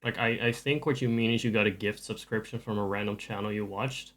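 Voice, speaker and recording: A man's voice: fairly low pitch, fairly even intonation, brisk, fairly bright tone. A man streaming live and chatting casually with viewers, rambling with dry jokes and frequent restarts.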